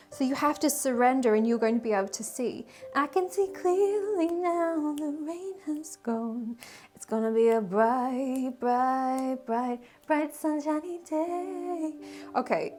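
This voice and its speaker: A woman giving a casual weekly tarot reading, emotional and rambling, with sighs and soft laughs. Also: fairly high pitch. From Australia. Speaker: tarot reader and spiritual guide.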